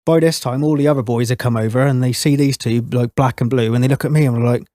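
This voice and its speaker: A man's voice: medium pitch, quick pace, no room sound. Thirty-something guy telling stories on a podcast, laughs a lot, swears loads, dry close mic. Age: 30s. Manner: laughs often, swears freely, animated anecdotes. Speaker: podcast guest, chef. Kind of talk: casual chat, storytelling.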